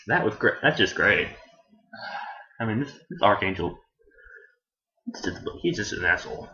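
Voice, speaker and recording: A man's voice: animated, moderate pace, long pauses, bright, forceful tone. A man giving a casual, rambling anime review, often correcting himself and swearing as he goes. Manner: meandering, self-correcting, profane; acts out characters in shrill voices. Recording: echoey room, dull lo-fi sound.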